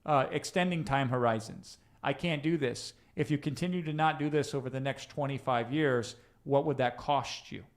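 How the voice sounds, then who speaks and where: A man's voice: medium pitch, normal speed, hardly any pauses. A man hosting a live coaching session, talking casually and straight to his listeners, often checking in with "right?" and restarting his sentences as he thinks aloud. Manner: conversational, addresses listeners directly with tag questions; frequent restarts and fillers while thinking aloud. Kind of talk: live-streamed coaching talk.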